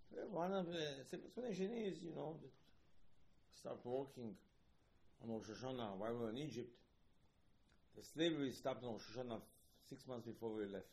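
A man giving an informal Torah talk as a rabbi, animated, repeating himself and acting out quoted lines, with non-native phrasing. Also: mid-range voice, rough recording. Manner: animated, repeats words, acts out quoted dialogue.

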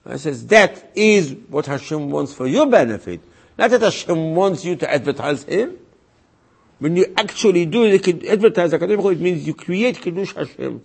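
A man's voice: sits high, sing-song, normal speed, gravelly, slightly rough. A man, a rabbi, giving a religious lecture in an emphatic way, repeating his points and acting out voices he quotes.

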